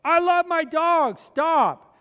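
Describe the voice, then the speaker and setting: A woman's voice: lowish voice, big pitch swings, quick pace, in a large hall, lo-fi sound. A man preacher voicing an indignant woman who is defending her dog. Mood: offended. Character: offended woman dog owner who gives in.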